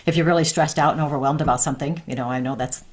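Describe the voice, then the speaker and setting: A woman's voice: sits low, fairly even intonation, racing. A woman, a medium and life coach, hosting a casual live stream and answering viewer questions in a chatty way.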